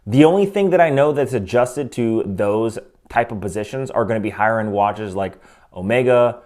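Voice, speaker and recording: A man's voice: fairly low pitch, moderate pace, a little mellow. Male host of a watch review channel, casual and opinionated, speaks into a desk microphone. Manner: opinionated, conversational, frequent asides.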